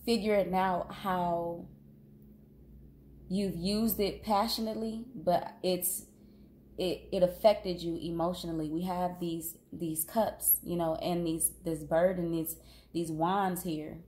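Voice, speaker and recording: A woman with a cold giving a casual tarot reading, talking unhurriedly with pauses and fillers. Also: fairly low pitch, steady tone, darkish tone. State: has a cold, sniffling. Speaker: tarot reader.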